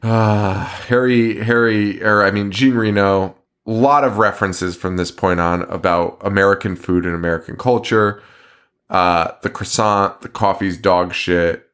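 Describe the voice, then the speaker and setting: A man's voice: lowish voice, fairly even intonation, unhurried, a bit bright. A man hosting a podcast in casual chat, swearing a lot and laughing often as he rants. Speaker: podcast host.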